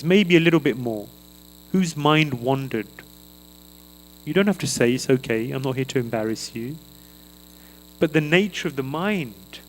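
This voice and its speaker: A man giving a devotional sermon at a temple feast, slow and earnest, chanting a mantra aloud as he teaches. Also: fairly high pitch, low-quality recording. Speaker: guest speaker at a temple feast. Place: temple hall.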